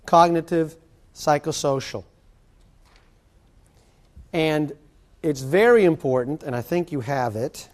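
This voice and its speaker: A man giving a classroom lecture in a conversational way, with joking asides and gestures. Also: on the high side.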